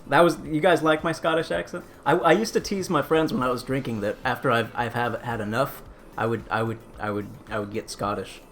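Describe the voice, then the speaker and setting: A man's voice: medium pitch, fairly even intonation, a little fast, a bit bright, soft background music. A man hosting a casual cooking live stream, chatty and rambling as he answers chat.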